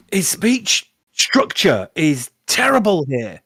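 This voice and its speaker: A man's voice: fairly high pitch, animated, brisk, fairly bright tone, no echo. A dry, sardonic male co-host. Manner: sardonic and analytical, mocks by imitating. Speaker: co-host guest. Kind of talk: casual reaction commentary.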